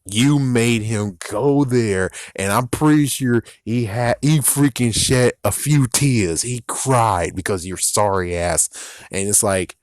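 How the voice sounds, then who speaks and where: A young man with a mid-range voice rants angrily and slowly about video games, with no room sound in the recording. In this vlog he swears and mocks the fans he's angry at, putting on quoted voices to ridicule them.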